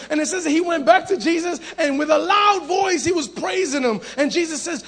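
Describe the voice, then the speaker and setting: A man preaching a sermon, animated, acting out the voices in his story and calling out to the congregation. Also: extremely high pitch, moderate pace, gravelly.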